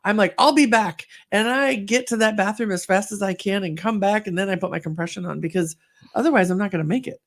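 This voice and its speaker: A middle-aged woman in easy podcast conversation with a touch of gravel in her voice. She tells stories animatedly and jumps into the voices of the people she quotes. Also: mid-range voice, quick pace. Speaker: podcast co-host. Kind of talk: casual podcast chat.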